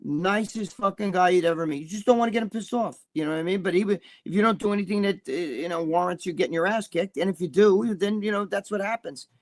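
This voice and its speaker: A man with a somewhat high voice spins tales as a guest in a casual interview. He swears freely, rambles, and keeps restarting his sentences. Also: fast, hardly any pauses. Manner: profane, rambling, with many restarts. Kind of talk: casual storytelling.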